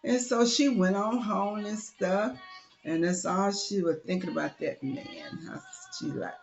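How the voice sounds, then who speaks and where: A woman's voice: medium pitch, unhurried, vocal fry, a little mellow, soft background music. Chatty woman telling a story. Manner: chatty, loose, full of "you know". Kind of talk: casual oral storytelling.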